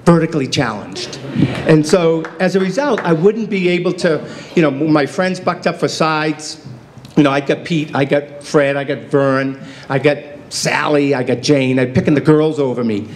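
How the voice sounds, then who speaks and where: A man's voice: on the high side, normal speed, a little hiss or hum. A man in his fifties giving a humorous acceptance speech, self-deprecating and acting out quoted dialogue. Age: 50s. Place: hotel banquet hall.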